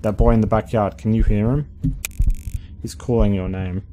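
Low, coaxing inner voice, menacing and cruel, read by a man. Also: fairly even intonation, normal speed, warm tone, slight background noise, natural voice. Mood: coaxing, sinister. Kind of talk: reading game dialogue aloud.

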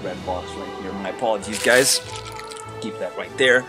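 A man hosting an excited unboxing vlog, gushing and exclaiming, repeating his thanks again and again. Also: low voice, moderate pace, music in the background. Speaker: unboxing host.

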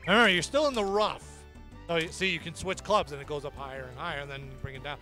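A man's voice: on the high side, quick pace, bright, forceful tone, soft background music. A man hosting a live gaming stream at a convention, joking and coaching a player through a golf game. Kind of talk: casual live commentary.

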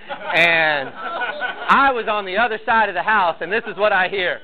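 A man with a high-pitched, animated voice teaches parents in a church class at normal speed. His talk is conversational and story-driven, with acted-out quotes, and the audio sounds tinny, like a phone.

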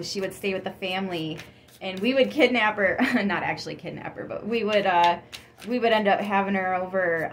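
A woman giving a casual tarot reading, chatty and excitable, with frequent gasps and laughs. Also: on the low side, slight background noise. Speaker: tarot reader.

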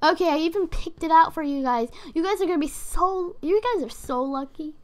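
A woman hosting a casual reaction video as a gaming YouTuber, excitable and rambling with lots of fillers. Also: extremely high pitch, brisk.

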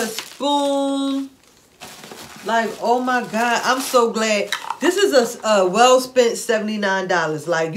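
A woman vlogger chatting excitedly through a shopping haul, gushing and repeating herself with delight. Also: on the high side, slight background noise. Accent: Philadelphia-area African American English. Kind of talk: excited haul video chat.

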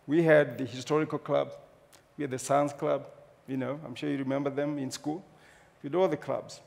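Kenyan male speaker, lively comic storyteller, slightly high voice with a touch of fry. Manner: humorous, animated storyteller. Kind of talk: storytelling talk on stage. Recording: long hall reverb.

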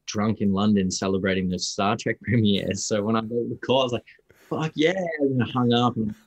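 A man's voice: on the low side, fairly quick, no echo. A young Australian man, an actor guest, telling stories in a casual interview with rambling restarts. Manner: rambling, restarts often, lively storytelling.

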